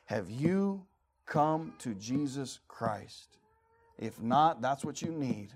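A man in his forties preaching a fervent sermon, swinging from quiet, low passages to loud, high-pitched shouting, acting out prayers and inner voices. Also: animated, slow pace. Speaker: pastor.

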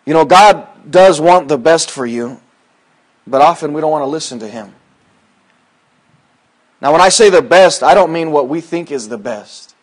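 A man preaching a sermon in a folksy, conversational way, quoting scripture and swinging from loud emphatic lines to hushed asides. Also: on the high side, expressive, normal speed, long pauses. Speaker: pastor.

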